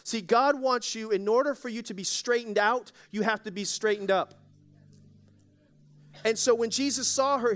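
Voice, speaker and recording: A man's voice: very high-pitched, a bit bright. A male pastor preaching a sermon at a church service, exhorting the congregation and calling for their responses. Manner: exhorting, calls for audience response.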